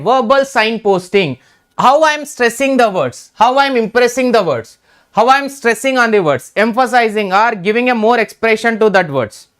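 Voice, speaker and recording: A man's voice: very high-pitched, animated, normal speed, fairly bright tone. A middle-aged man with an Indian English accent, teaching an exam revision lecture, repeating key terms and checking in with "right?".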